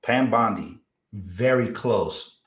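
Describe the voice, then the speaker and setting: A man's voice: on the low side, slow. Hispanic-accented man hosting a livestream. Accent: Hispanic-accented English. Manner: laughs at himself, stumbles over long words. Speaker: political livestream host. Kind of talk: casual livestream commentary.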